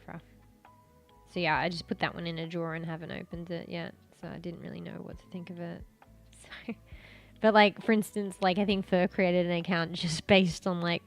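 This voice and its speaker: A woman streamer chatting casually with her viewers, rambling with lots of fillers and restarts, her throat sore and coughing. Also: lowish voice.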